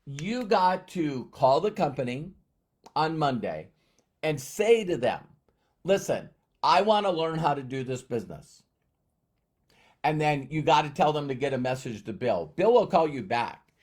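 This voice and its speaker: A man's voice: a little high, sing-song, a little mellow, voice pushed up. A man putting on the voice of an enthusiastic, pushy male business mentor who fires off questions emphatically. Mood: excited. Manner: emphatic, rapid-fire questioning.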